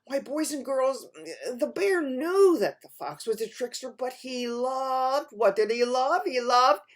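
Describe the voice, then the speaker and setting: A woman storyteller telling a folktale to children, animated and talking to them directly, swinging from loud to hushed. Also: sits high, a little slow.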